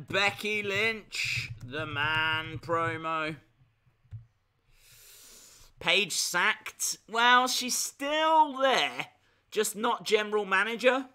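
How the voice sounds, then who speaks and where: A man giving casual live reactions as a streamer, chatty with excitable, jokey asides. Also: very high-pitched, clear, resonant tone.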